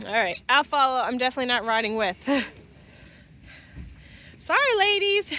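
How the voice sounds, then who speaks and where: A woman's voice: high-pitched, very animated, moderate pace, sharp tone. A young woman vlogging on her farm, chatting casually as she works outdoors in a pasture and calling her cattle in a sing-song voice. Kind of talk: casual chat while doing farm chores.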